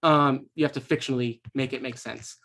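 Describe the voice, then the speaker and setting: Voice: mid-range voice, fairly even intonation, brisk, fairly bright tone. A game master running a tabletop game in a casual, laid-back way, with lots of fillers.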